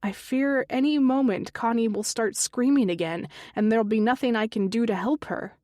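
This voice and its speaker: A woman narrating a thriller audiobook in the first person, with a measured, even delivery. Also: a little high, no echo.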